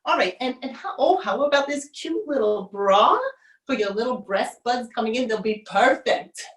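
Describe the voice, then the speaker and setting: A woman's voice: on the high side, lightly acted. A woman voicing a fussy mother who talks over her daughter and brushes off every problem, on stage. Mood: gushing. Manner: brisk, bossy, brushing things off. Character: fussy, chattering mother who won't listen. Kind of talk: solo stage performance. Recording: roomy stage sound, mic far off.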